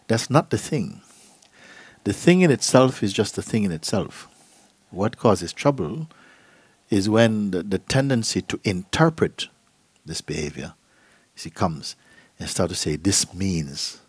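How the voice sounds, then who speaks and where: A middle-aged man, a spiritual teacher, giving a gentle, unhurried talk and acting out voices in his stories. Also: on the low side, lively intonation, breathy edge, no room sound. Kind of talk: satsang talk, storytelling. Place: gathering hall.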